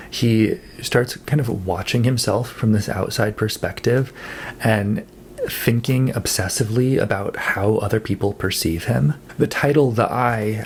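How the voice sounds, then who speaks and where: Chatty low-voiced man reviewing books. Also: slight background noise. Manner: chatty, thinking aloud with fillers and self-corrections. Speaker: book vlogger. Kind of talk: casual monthly wrap-up talk.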